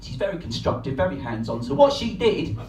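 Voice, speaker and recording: A man doing a stand-up comedy set, swearing freely and shouting out voices for his punchlines. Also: sits high, very animated, fairly quick, gravelly, crowd noise. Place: comedy club stage. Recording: echoey room, from far off. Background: laughing audience.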